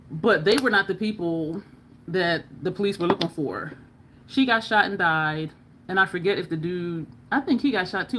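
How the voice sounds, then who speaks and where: A woman's voice: mid-range voice, slight background noise. An American woman hosting a beauty live stream, chatting in a rambling way and talking straight to her viewers as y'all. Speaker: beauty livestream host. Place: home makeup setup under bright lights.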